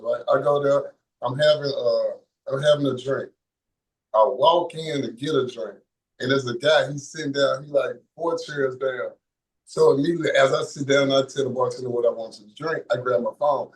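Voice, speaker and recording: A man guest on a podcast, telling stories loudly and boisterously. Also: medium pitch. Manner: loud, boisterous storyteller. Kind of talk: casual podcast storytelling. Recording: roomy sound, far from mic.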